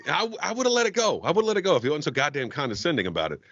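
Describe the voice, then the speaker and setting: A man, an auto technician guest on a podcast, telling a story in casual chat with heavy swearing and animated ranting. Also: fairly high pitch, racing, dry recording. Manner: heavily profane, animated ranting. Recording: dull, dry lo-fi podcast audio.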